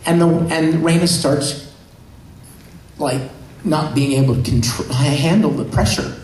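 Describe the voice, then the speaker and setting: A man at a convention panel, excitedly and emotionally retelling a story with many restarts. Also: fairly high pitch, normal speed, distant mic. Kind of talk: enthusiastic storytelling. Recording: echoey hall, faint noise.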